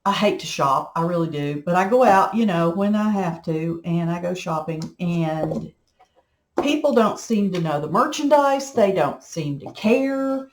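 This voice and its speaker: A woman's voice: fairly low pitch, animated, unhurried, a little hiss or hum. A middle-aged woman, chatting in a folksy, rambling way while she works on a craft project at home. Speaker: crafting vlogger. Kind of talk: casual chat while crafting. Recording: echoey room.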